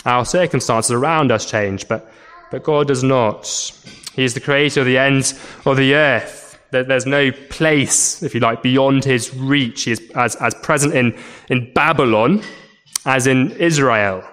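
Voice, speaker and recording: Male pastor mid-sermon, sincere and halting, middle pitch, asks the congregation rhetorical questions. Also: a bit bright. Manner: earnest, repeats and stumbles over words, rhetorical tag questions. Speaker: preacher.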